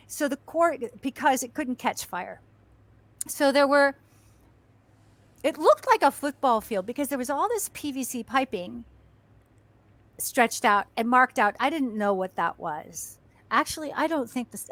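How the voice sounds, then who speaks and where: Bright high-voiced woman telling stories. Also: big pitch swings, normal speed, gravelly, no room sound. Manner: acts out shouts and screams in her stories, laughs often. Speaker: guest actress and stuntwoman. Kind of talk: animated storytelling.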